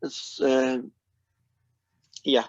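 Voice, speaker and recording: A man's voice: medium pitch, level tone, drawn-out words, darkish tone, dry recording, highs cut off. A Scottish man giving a math lecture in a classroom, chatty and often restarting his sentences. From Scotland.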